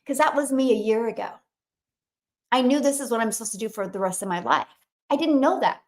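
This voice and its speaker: A woman in her fifties hosting a live stream, talking fast and energetically to viewers and greeting them by name. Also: a little high, darkish tone. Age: 50s. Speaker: livestream host.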